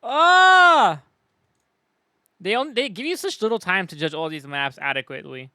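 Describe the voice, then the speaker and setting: A man's voice: a little high, big pitch swings, fast talker, pushed and bright, no room sound, studio quality. A man chatting casually on a live stream, judging game maps, profane and joking with frequent laughter.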